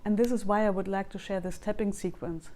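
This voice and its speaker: A woman leading a guided tapping tap-along, speaking calmly and repeating phrases for viewers to echo. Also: medium pitch, fairly quick. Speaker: EFT tapping coach.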